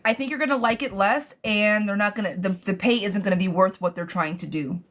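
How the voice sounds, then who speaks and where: A woman's voice: mid-range voice, a little fast. Blunt, chatty woman reading tarot live. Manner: chatty, blunt, swears freely, calls viewers girl and love bug; gets riled up and rants, then calms herself. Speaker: tarot reader. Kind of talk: live-stream tarot reading, answering chat questions.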